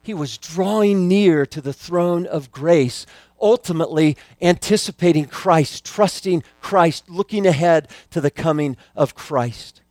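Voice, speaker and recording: A man delivers a sermon in an earnest, emphatic manner, repeating his key phrases to drive them home. His voice sits fairly high for a man. The sound is dry and close, with little room echo. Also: a little slow, darkish tone. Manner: earnest, emphatic preaching with repetition. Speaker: pastor.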